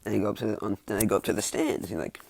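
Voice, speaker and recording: A man's voice: on the low side, steady tone, very fast, gravelly, a little mellow, slight background noise. A young man casually retelling a fan-made story, rambling and self-mocking, with lots of "like" and restarts.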